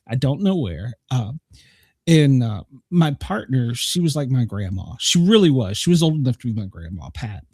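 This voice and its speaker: A man's voice: mid-range voice, normal speed, husky, no echo, studio quality. A middle-aged man hosting a podcast, telling stories in casual chat, laughing often. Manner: chatty storyteller, laughs often, animated. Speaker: podcast host.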